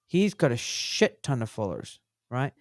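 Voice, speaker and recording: A man in his forties talks as a doctor on a casual podcast. He tells his stories bluntly and with energy, swearing without a second thought. His mid-pitched voice sits close and dry on the mic. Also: normal speed, dry recording. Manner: blunt, animated storyteller who swears freely.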